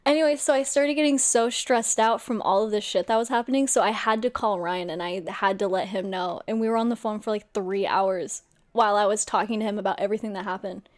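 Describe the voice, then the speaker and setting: A young woman streamer telling a story to her viewers in a casual, excitable way, swearing a lot. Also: medium pitch, fairly quick.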